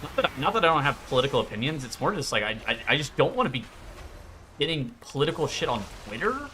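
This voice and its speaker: A man's voice: fairly high pitch, sing-song, fast talker, bright, forceful tone, a little hiss or hum. A man streaming live, chatting casually in a profane, rambling way.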